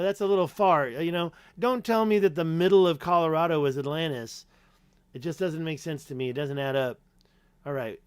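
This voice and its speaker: A man hosts a casual live-stream Q&A with a slightly high voice, rambling from point to point and correcting himself as he goes. He reads viewer names aloud between answers. The sound is dry and close, with no room echo. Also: clean tone. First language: English. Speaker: YouTube host answering live chat.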